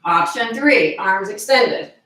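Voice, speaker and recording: A woman fitness instructor leading a live exercise class, calmly giving cues and counting reps aloud. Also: mid-range voice, takes it slowly. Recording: echoey room, voice from far off.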